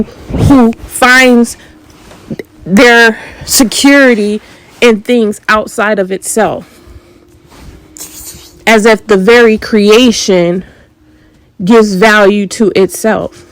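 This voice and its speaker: Slow, confrontational woman preaching. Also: a little high, low-quality recording. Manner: confrontational, rhetorical questions, emphatic. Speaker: spiritual channel host. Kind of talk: unscripted spiritual monologue.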